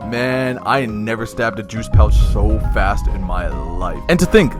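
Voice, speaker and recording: A young man narrates an animated story time in a slangy, lively way. His voice jumps from loud excited bursts to low hushed asides. Faint music plays underneath. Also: unhurried.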